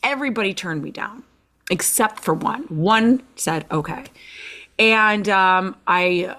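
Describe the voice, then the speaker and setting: Chicago woman telling lively stories. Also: mid-range voice, slow pace. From Chicago, USA. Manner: animated, acts out quoted dialogue, frequent "like". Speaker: interview guest. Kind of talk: conversational storytelling.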